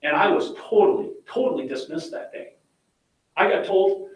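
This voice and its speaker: A man's voice: high voice, big pitch swings, normal speed. A middle-aged father speaking during public comment at a school board meeting, plainspoken and pleading, frustrated. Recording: echoey room mic from far off.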